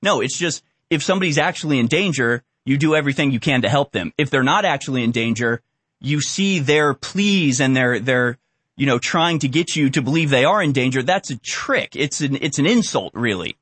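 A man's voice: medium pitch, expressive, a little fast, fairly bright tone, no room sound. A man hosting a commentary show, ranting bluntly and with exasperation. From Houston area. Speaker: commentary host.

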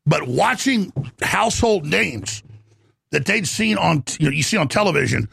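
A man with a strongly gravelly, raspy voice pitched a bit high, ranting through a talk radio monologue. He rambles and jumps from topic to topic with heat. The sound is close and dry, with no room echo. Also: lively intonation, moderate pace, a bit bright. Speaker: talk show host.

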